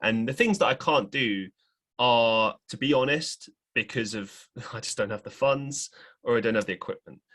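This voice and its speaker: A man's voice: mid-range voice, moderate pace, a bit bright. Male podcast host, casual and frank, a touch irritated, venting in conversation.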